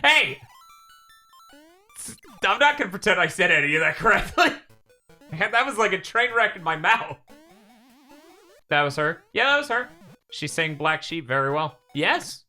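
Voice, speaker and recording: Animated, bright-voiced joking gamer man. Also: fairly high pitch, normal speed, pauses often. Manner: joking, animated, reads chat aloud, laughs often. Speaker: co-host of a gaming stream. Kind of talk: casual chat over gameplay. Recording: game music underneath.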